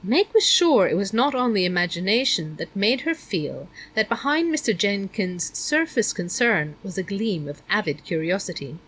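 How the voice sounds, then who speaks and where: A woman reads a story aloud as an audiobook narrator. Her voice sits at a middle pitch, and her delivery is measured and even. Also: breathy edge, poor audio.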